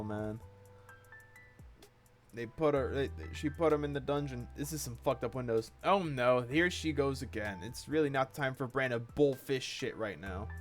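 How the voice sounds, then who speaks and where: A man streaming himself reading a webcomic aloud, with animated commentary full of swearing and excitable outbursts. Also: mid-range voice.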